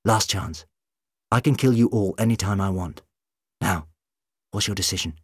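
A man's voice: deep voice, normal speed, slightly rough, dry recording, studio quality. A man voicing a sly, bargaining male ship's doctor in a storybook reading, wheedling and pleading.

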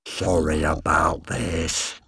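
A man voicing a cold, menacing male killer in a storybook reading, speaking slowly and quietly. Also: very deep voice, level tone, husky, no echo, clean studio sound, voice pushed down, heavily acted. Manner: slow, quiet, threatening.

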